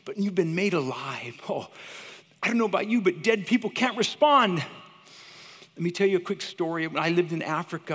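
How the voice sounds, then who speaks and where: Male pastor, sermon delivery, husky tone, dramatic dynamic swings, long hall reverb. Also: fairly high pitch. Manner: dramatic swings from loud cries to hushed whispers. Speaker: preacher.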